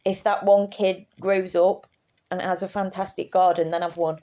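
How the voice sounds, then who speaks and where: A woman's voice: lowish voice, level tone, moderate pace, warm tone. A tired woman, rambling in casual chat to her camera and swearing freely. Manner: chatty, swears casually, trails off and restarts. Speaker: vlogger.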